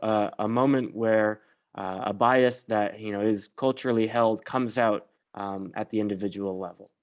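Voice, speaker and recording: A man facilitating an online bias training, speaking in a measured way with frequent pauses. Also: fairly low pitch, a little mellow. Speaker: workshop facilitator.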